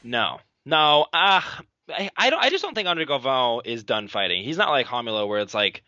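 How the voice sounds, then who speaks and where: A man's voice: mid-range voice, fairly quick, clean tone, no echo, lo-fi sound. A man co-hosting a podcast, playfully commenting on grappling matches with a friend. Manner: lively, playful, teasing. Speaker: podcast co-host. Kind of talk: casual live commentary chat.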